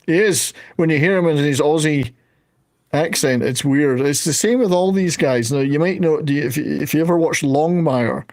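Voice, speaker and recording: A man's voice: fairly high pitch, moderate pace, a little mellow. Chatty man hosting a panel. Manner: chatty, laughs easily. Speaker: host. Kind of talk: casual panel chat.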